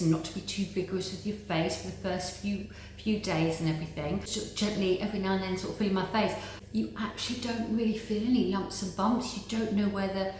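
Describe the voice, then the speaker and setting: A woman's voice: mid-range voice, a little mellow. A middle-aged woman giving an earnest, chatty patient testimonial, repeating words like "very, very". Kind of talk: casual interview testimonial. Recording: very echoey room with faint noise.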